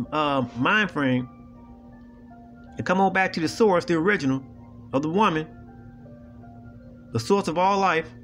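Man, blunt and preachy, slightly high voice, faint music behind. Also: fairly bright tone. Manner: blunt, preachy, profane, repeats "you know what I'm saying". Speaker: video host. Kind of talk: casual monologue to viewers.

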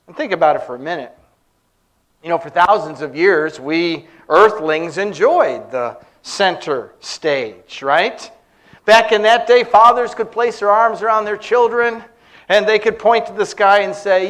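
A male preacher with a fairly high voice delivers a sermon in a church. He builds his points through storytelling and humorous anecdotes, with a relaxed conversational flow. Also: measured pace.

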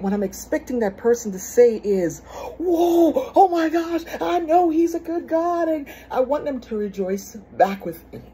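A woman preaching a sermon in a lively storytelling way, acting out the excited voices of people she quotes. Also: medium pitch, a little hiss or hum. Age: adult.

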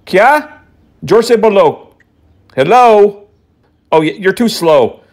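A man's voice: high-pitched, animated, slow pace. A man making prank phone calls, taunting and mocking, dropping Hindi phrases. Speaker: prank caller.

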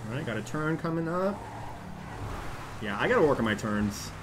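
A young man casually commenting as he plays a video game, animated and prone to shouting at what happens on screen. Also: on the high side, normal speed, background noise. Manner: animated, exclaims and yells at the game. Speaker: gaming YouTuber.

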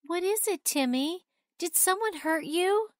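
A caring young girl from a children's storybook, as a woman reader puts her on, worried for her little brother. Her voice is pitched high and childlike. The recording is dry and close. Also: expressive, a little slow, sharp tone, dry recording, exaggerated voice. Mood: gentle. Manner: urgent, worried.

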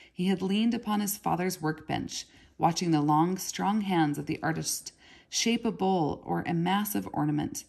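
A woman narrating a children's novel aloud in a steady, measured reading. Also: low voice, vocal fry. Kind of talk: read-aloud storybook narration.

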